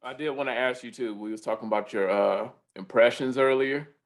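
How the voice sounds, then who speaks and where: A man hosting a podcast interview, talking in a relaxed, loose way and laughing easily. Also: medium pitch, fairly quick, rough recording. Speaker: podcast host. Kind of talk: casual interview chat.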